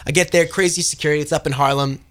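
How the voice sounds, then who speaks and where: A young man telling a story in a casual podcast chat, lively and quick, often acting out the voices of the people he quotes. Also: on the high side. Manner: fast, animated storyteller who acts out quoted voices. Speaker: guest.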